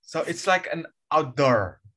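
A young man from Indonesia, English his second language, with an American-based Indonesian accent, co-hosting a casual chat in a halting, self-correcting way. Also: a little high, expressive, a bit bright. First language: not English. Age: young adult. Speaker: podcast co-host.

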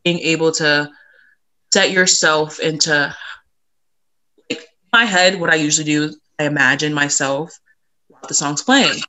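A woman's voice: sits low, fairly even intonation, normal speed, long pauses, bright, forceful tone, poor audio. A woman co-hosting a podcast over a video call, rambling and giggly, correcting herself as she goes. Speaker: podcast co-host. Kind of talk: casual podcast chat.

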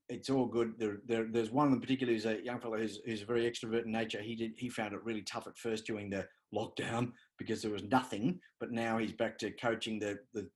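A man, a guest telling stories in a lively, conversational way with repeated words. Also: medium pitch. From Australia. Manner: animated storyteller, repeats words. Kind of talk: conversational interview.

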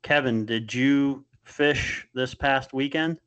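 A man's voice: mid-range voice, takes it slowly, fairly bright tone, clear, resonant tone. A man hosting a podcast in a loose, joking, casual chat. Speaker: podcast host.

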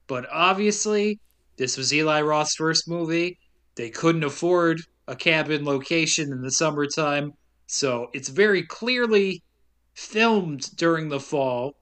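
Bright, lively male podcast host. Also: fairly high pitch. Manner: lively, laughs often, quick asides. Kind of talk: casual chat.

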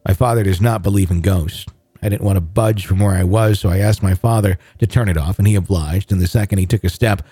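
A man reading a listener's ghost story aloud in a measured, steady way, then chatting about it as host. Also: on the low side, husky, dry recording. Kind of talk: read-aloud narration and casual chat.

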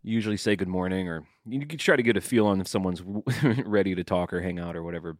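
A man's voice: low voice, fast talker, no room sound, clean studio sound. A man hosting a podcast and chatting in a casual, easygoing, reflective way. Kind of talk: casual chat.

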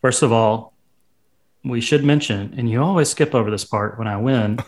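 A man's voice: mid-range voice, normal speed. A man co-hosting a casual music podcast, telling amused anecdotes. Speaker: podcast co-host. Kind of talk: casual chat.

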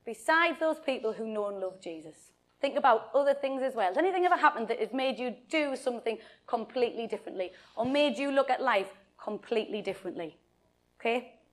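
Animated, high-voiced woman telling a Bible story. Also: a little fast. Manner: animated, addresses listeners directly with frequent checks. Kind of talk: lively Bible storytelling for kids and adults.

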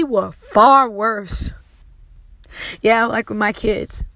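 A middle-aged woman preaches a heartfelt testimony, her voice fervent and close to tears. Her pitch sits a little high, and the sound is dry and close, with no room around it. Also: drawn-out words, a bit bright, no room sound, rough recording. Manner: emotional, fervent, fighting tears. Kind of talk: testimony sermon.

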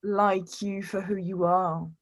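A woman hosting a podcast who responds to her guest in a gentle, affirming way. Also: mid-range voice, level tone, takes it slowly. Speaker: podcast host. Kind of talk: conversational chat.

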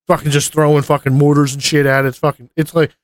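Male podcast co-host, slightly high voice, dry sound, casual profane rambler. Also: little pitch movement, fast, dry recording. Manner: rambling, lots of fillers and swearing.

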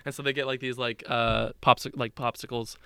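A young man in casual conversation with a bright, crisp voice, recorded with a dry, close sound. He retells a story in a rambling way, full of fillers and restarts. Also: mid-range voice, little pitch movement, brisk, dry recording. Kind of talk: casual chat.

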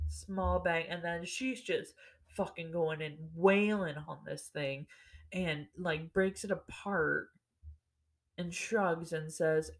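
Rambling, profane woman storyteller, lowish voice. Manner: rambling and profane, with loose fillers and restarts. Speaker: podcast host. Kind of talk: casual storytelling.

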